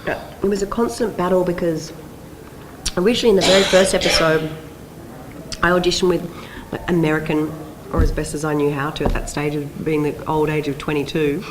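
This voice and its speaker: An Australian woman on a convention panel, telling animated stories and acting out the people she quotes. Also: low-pitched, brisk, background noise. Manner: animated, laughing storyteller who acts out quoted voices. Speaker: panel guest.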